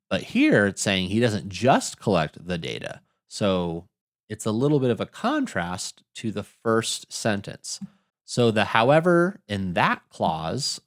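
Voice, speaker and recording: A man tutoring test prep, talking through grammar questions in a lively teacher's tone and asking rhetorical questions. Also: mid-range voice, no room sound, clean studio sound. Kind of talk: explaining grammar questions on screen.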